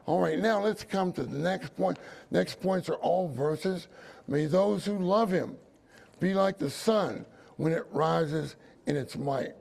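A man's voice: on the high side, creaky, darkish tone. A man preaching a sermon at a conference, emphatic and repeating phrases for stress.

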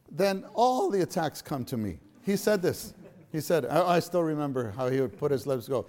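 A man's voice: on the high side, lively intonation, normal speed, mellow. A middle-aged man teaching a church lesson to a gathering, earnest and repeating phrases for emphasis.

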